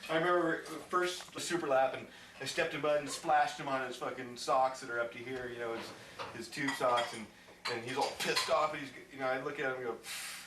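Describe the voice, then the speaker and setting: Middle-aged guy rattling off crude stories quick, far from the mic, echoey noisy room. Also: medium pitch. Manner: fast, profane, laughing. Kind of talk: casual storytelling among old friends.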